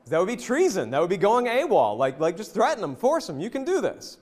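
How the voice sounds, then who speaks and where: A man from the American South giving a jokey, animated leadership presentation and talking straight to the audience in a hotel event hall. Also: high voice, brisk. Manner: lively, jokey, addresses the audience directly. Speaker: leadership speaker. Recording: long reverb in a hotel hall.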